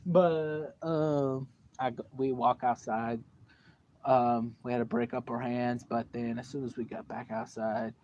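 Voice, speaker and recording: A teenage boy vlogger tells a long, animated story to the camera at home indoors, rambling with fillers and plenty of cursing in casual storytelling. His voice is medium-pitched and unhurried. The recording is a dull lo-fi home capture with faint background noise.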